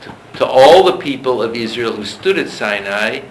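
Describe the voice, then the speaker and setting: A male lecturer leading a seminar, talking in a discursive, halting way with frequent restarts. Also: medium pitch, lively intonation, reverberant, a little hiss or hum, poor audio.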